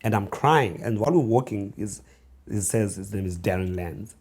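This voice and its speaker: A low-pitched South African man in his forties, speaking as a guest author in a relaxed interview. He tells his memories slowly and reflectively, often restarting a phrase and dropping to a hushed, quiet tone. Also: breathy edge. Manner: reflective, halting restarts, slowing into hushed storytelling. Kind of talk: conversational interview storytelling.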